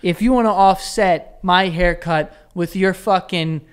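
A man's voice: high voice, measured pace, clean tone. A man co-hosting a podcast, swearing and bantering defensively in casual chat. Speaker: podcast co-host.

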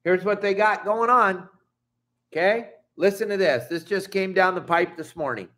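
Upset and forceful, a middle-aged fishing-channel host from Southern California rants angrily in a vlog, cursing and apologizing along the way. He speaks in a bright, high-pitched voice at a moderate pace.

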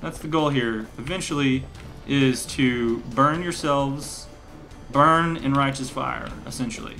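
A man's voice: medium pitch, a little slow, pushed and bright. A man giving rambling, joking let's play commentary, breaking into mock rage and laughter. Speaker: gaming commentator. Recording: game music playing behind.

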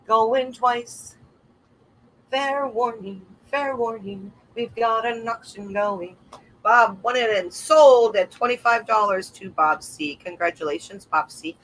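Chatty auctioneer woman, bright voice. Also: medium pitch, slow, poor audio. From American South. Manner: chatty, laughs often, sings made-up bits. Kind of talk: live auction calling.

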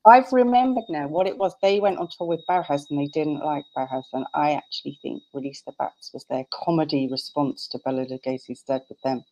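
A woman's voice: sits low, brisk, few pauses, dark tone, muffled recording, slight background noise. A woman author chatting as a guest, enthusiastic and chatty with casual British slang. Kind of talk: casual chat.

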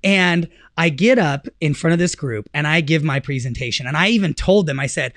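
Animated self-mocking male podcast host. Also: a little high, brisk, no room sound, clean studio sound. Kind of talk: casual storytelling chat.

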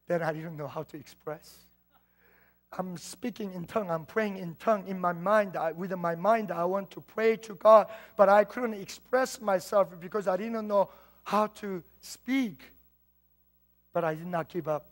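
A man from southern Korea with a southern Korean accent, a native Korean speaker, preaching a sermon as pastor in an earnest storytelling manner that moves between loud and hushed. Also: sits high, unhurried.

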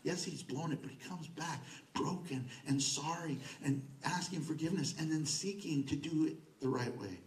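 A man's voice: on the high side, normal speed. A male pastor preaching a sermon in a conversational, emphatic way, repeating words for stress. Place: church sanctuary. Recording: echoey church from a distance.

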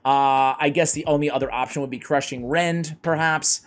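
A man's voice: fairly high pitch, fairly even intonation, normal speed. A man giving casual, rambling commentary on a game character's build, with self-deprecating asides. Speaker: game guide creator.

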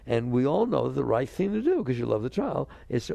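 A man giving a spiritual talk to an audience. He is animated, keeps asking his listeners questions, and acts out the inner voices he quotes. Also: mid-range voice, fairly quick, vocal fry, few pauses, no echo. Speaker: spiritual teacher.

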